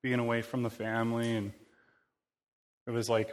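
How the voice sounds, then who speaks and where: A man's voice: medium pitch, flat delivery, normal speed, long pauses. Guy preaching real casual, rambles a lot, says like all the time. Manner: rambling, informal, full of "like" and fillers. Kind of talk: casual conversational sermon.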